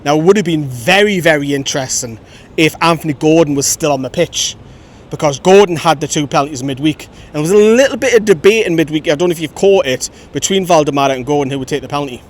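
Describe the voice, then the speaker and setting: A man giving a chatty, opinionated post-match reaction as host of a fan channel, filmed outdoors by a road. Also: quick pace. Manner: chatty, opinionated, lively storytelling. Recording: faint traffic rumble outside.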